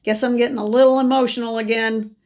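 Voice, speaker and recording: A woman psychic card reader delivering a gentle, meandering spiritual message monologue, congested from allergies, with many pauses and restarts. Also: a little high, level tone.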